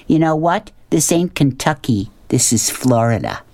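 A man's voice: mid-range voice, lively intonation, measured pace, mellow. A man voicing a taunting rural bully boy with jeering slang.

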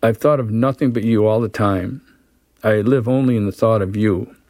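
Male reader doing a breathless young woman begging her lover, pitched way up, high-strung imploring tone, dry close sound. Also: moderate pace, darkish tone, no room sound, close to an everyday voice. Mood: anguished. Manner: breathless, imploring, rising to cries. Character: frightened, pleading young woman in love. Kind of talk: dramatic reading of a story.

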